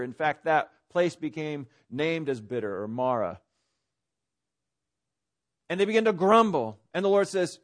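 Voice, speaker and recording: A man preaching a sermon from a church stage, conversational, swinging between loud emphasis and quiet asides. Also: high voice. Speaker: pastor.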